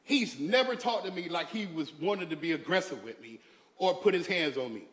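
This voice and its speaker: A man's voice: on the high side, lively intonation, fairly quick, fairly bright tone. A man doing a stand-up comedy set on stage, telling stories in a loose, chatty way and talking back to the crowd. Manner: loose, conversational storytelling with crowd asides. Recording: echoey hall with long reverb.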